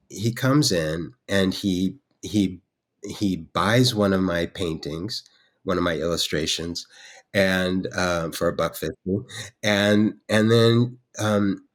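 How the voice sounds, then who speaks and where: A man, a guest artist, telling a story in conversation, rambling with many restarts and fillers. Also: low-pitched.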